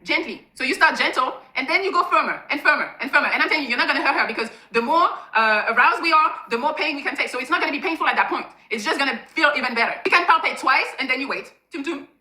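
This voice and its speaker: Brash, bright-voiced woman giving frank tips. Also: high-pitched, expressive, rapid-fire, few pauses, echoey room. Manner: frank and profane, demonstrating with hands. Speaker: sex-advice presenter. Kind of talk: blunt instructional talk.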